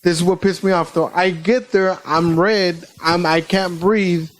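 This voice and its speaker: High-voiced man telling a story. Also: rough recording. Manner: animated, swearing, quick retelling. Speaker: podcast co-host. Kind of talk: casual storytelling.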